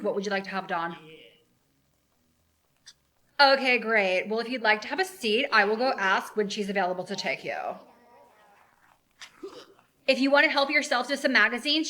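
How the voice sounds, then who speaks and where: A woman's voice: fairly high pitch, lively intonation, fairly quick, pushed and bright. Woman doing a syrupy salon receptionist. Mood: sugary. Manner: syrupy, overly sweet customer-service talk. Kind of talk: comedy sketch.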